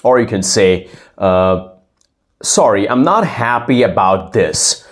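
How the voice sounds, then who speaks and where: A man playing a polite young male student who answers his teacher slowly and repeats each example phrase. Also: on the low side, expressive. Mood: explaining. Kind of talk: scripted classroom role-play.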